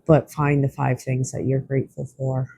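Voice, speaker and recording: An oracle card reader giving a spiritual card reading in a gentle, reassuring, slightly rambling way. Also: medium pitch, little pitch movement, moderate pace, gravelly, husky, no room sound.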